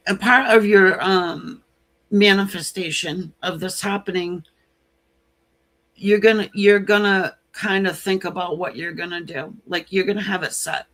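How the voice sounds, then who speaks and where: A woman tarot reader talking to her live-stream viewers in an unhurried, drawn-out way. She is chatty and frank and breaks into laughter between her points. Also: medium pitch, steady tone, fairly bright tone. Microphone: computer mic on a live stream.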